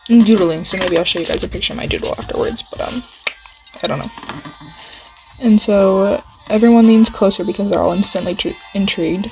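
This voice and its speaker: A woman improvising a second-person listener role-play story in a rambling way, full of fillers, pauses and apologies. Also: mid-range voice, rough recording. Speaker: channel host. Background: faint music playing.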